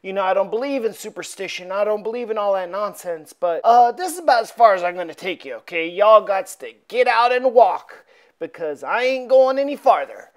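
Woman playing a jittery old coachman, fast talker, comic recap. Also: mid-range voice, expressive, darkish tone, lightly acted. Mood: blustering. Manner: rushed, insisting. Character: old male carriage driver, nervous and blustering.

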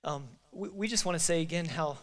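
A man's voice: on the high side, brisk. A male pastor giving closing remarks at a church service, emotional and rallying the congregation, his nose stuffy from crying. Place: church sanctuary.

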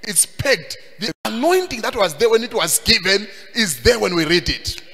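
Emphatic preacher man, lively high voice. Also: normal speed, creaky, husky, soft background music. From Zimbabwe. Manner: emphatic, rising to shouts, sing-song phrasing. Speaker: pastor. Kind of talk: sermon. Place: church hall. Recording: long hall reverb.

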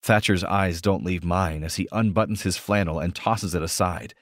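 A man narrating an audiobook romance in the first person with a steady, intimate reading. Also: sits low, moderate pace, no echo, studio quality.

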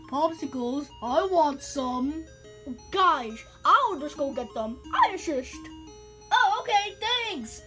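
Very high, excitable female voice. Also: slow pace, soft background music. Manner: excitable, exclamatory, giggly. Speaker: toy video creator voicing plush characters. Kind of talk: improvised toy play-acting.

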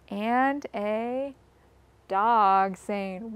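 A woman, a children's librarian, reading a rhyme to young children in a slow, sing-song way and inviting them to join in. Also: medium pitch, expressive.

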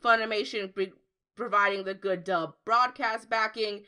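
A woman's voice: mid-range voice, steady tone, normal speed, bright, forceful tone, clear, resonant tone. A woman hosting a podcast, chatting casually and reading out news. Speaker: podcast host.

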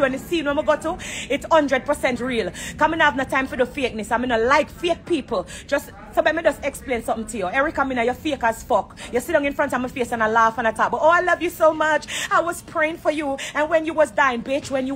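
A woman's voice: high-pitched, fairly bright tone. A woman with a Jamaican accent, in her forties, ranting bluntly and profanely in patois on a phone livestream from an airport corner. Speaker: celebrity going live.

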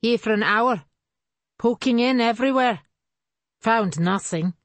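A woman's voice: medium pitch, fairly even intonation, normal speed, dry recording, close to an everyday voice. A woman reading an audiobook, voicing a scornful uncle calling across a group. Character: gruff man, scornful uncle.

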